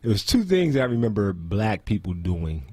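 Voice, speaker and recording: Deep, husky radio talk host. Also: male voice, sing-song, moderate pace, mellow, no room sound. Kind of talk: casual on-air talk.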